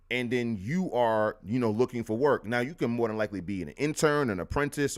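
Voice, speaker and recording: A man hosting a live history show, talking in a casual, animated way with slangy asides. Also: medium pitch. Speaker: host.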